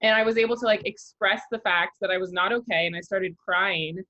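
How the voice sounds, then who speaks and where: A woman chatting candidly on a podcast, animated and laughing often. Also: medium pitch, fairly quick, muffled recording. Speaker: co-host. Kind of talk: casual podcast chat.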